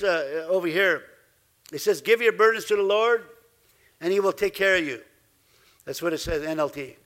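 A man preaching a sermon as pastor, lively, laughing now and then and acting out the voices he quotes. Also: high-pitched.

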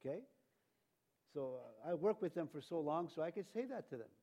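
An older man preaching a sermon in a lively, animated way, often laughing and acting out the voices he quotes. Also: a little high, fairly quick.

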